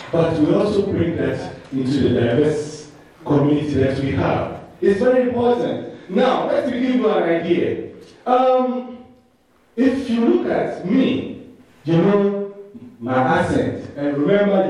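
A man teacher giving a lively talk to a live audience, playfully calling on people and leading call-and-response. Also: on the high side, measured pace. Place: large room with an audience. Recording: echoey room, mic far off.

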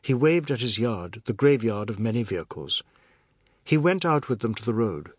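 A man reading a novel aloud as an audiobook narrator, in a measured, expressive way. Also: mid-range voice, breathy edge, no echo, clean studio sound.

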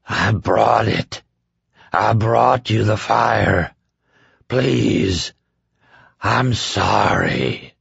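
A man voicing a ruined, radiation-sick man who is childlike and ecstatic, speaking slowly with a bubbling, pleading manner. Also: lowish voice, animated, gravelly, a bit bright, breathy edge, no room sound, dull audio, full character voice. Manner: slow, bubbling, pleading delivery.

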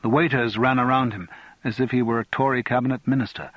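Husky male audiobook narrator. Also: mid-range voice, fairly even intonation, fast talker, dry recording, muffled recording.

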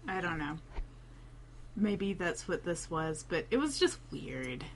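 A woman co-hosts a casual podcast chat, recounting scenes slowly and deliberately. Her voice sits in a middle pitch at a very unhurried pace. Faint noise hums behind her. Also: sing-song. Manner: slow, drawn-out storytelling, quotes scenes. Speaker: podcast co-host.

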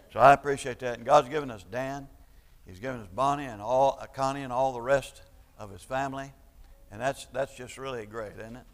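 A man preaching a sermon, stumbling over restarts and then building to loud, emphatic points. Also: mid-range voice. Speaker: pastor. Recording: long church-hall reverb.

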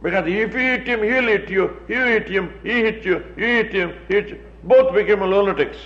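A man's voice: sits high, normal speed. A man preaching a sermon, emphatic and repetitive, with mocking asides. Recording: dull, echoey room sound.

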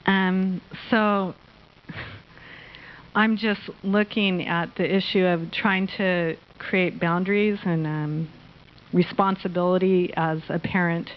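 Hesitant low-voiced woman, slow speech. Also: fairly even intonation. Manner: hesitant, many ums. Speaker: audience member asking a question. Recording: dull lo-fi sound.

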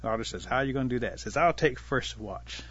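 A man tells a traditional animal story at an easy storyteller's pace. His voice is bright and clear in tone, and he shifts lightly into the animals' voices. The recording has a slightly dull, lo-fi, radio-like sound. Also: mid-range voice. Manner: unhurried folksy telling, voices the animals lightly. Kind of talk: oral storytelling of a traditional tale.

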